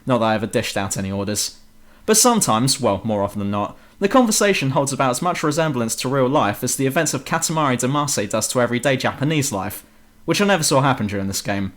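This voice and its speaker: A man's voice: mid-range voice, expressive, quick pace. A young British man giving a sarcastic, swear-laden game review voice-over on a home mic. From Britain. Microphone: home computer mic.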